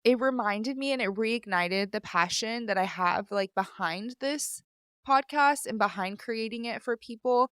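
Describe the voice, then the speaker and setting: A woman's voice: fairly high pitch, a little slow, fairly bright tone, clear, resonant tone, dry recording, studio quality. A young woman hosting her own podcast in candid, casual chat, full of fillers and teary at times. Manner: candid, filler-heavy, chatty. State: teary and sniffling. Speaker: podcast host. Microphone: studio microphone.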